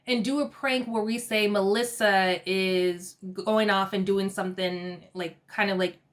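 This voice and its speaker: A woman recapping a reality TV episode in casual chat. She laughs often and acts out quoted lines with lively bursts. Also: mid-range voice. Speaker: TV recap vlogger.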